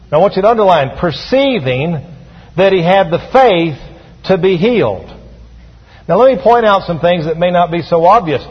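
A male pastor preaches a sermon, calling on his congregation to repeat his words back. His voice is fairly high and a little husky. The sound is dull and rings with a long church-hall echo. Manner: preaching with call-and-response to the congregation. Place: church sanctuary.

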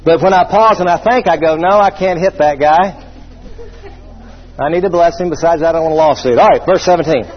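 Male preacher, high and husky, jokey sermon delivery, dull lo-fi recording. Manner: humorous, voices imagined listeners, reads scripture slowly.

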